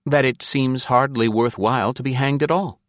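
A man reading the part of a captured male spy who reasons calmly about death and then begs desperately for his life. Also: on the low side, no room sound, clean studio sound. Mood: coolly reasoning. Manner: measured and reasoning, breaking into frantic pleading. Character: calm captured male spy facing execution, coolly philosophical. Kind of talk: audiobook character reading.

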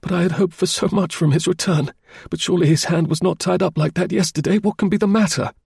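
A man voicing an anxious, excitable young gentleman in distress, with a high, strained and pleading delivery. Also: fast, vocal fry, slightly rough, no room sound, studio quality, exaggerated voice.

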